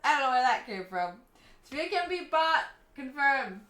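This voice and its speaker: A young woman streamer chats in a giggly, unhurried way. Her voice is bright and a bit high, and the room around her sounds echoey. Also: sing-song. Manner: giggly, chatty, reads chat aloud. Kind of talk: casual live-stream chat.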